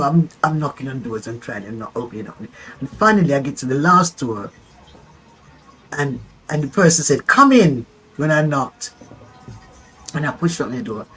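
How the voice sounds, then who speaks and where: An older woman telling a personal story as an interview guest. She is an animated storyteller who acts out dialogue and laughs often. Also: fairly low pitch, slightly rough, poor audio.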